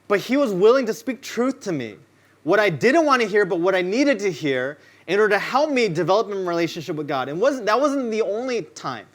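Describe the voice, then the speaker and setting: A man preaching in church with a somewhat high voice. He keeps the sermon loose and chatty, like he's talking with friends. He drops into quoted lines from his own stories and acts them out. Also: very animated, a little fast. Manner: casual, conversational storytelling. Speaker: pastor.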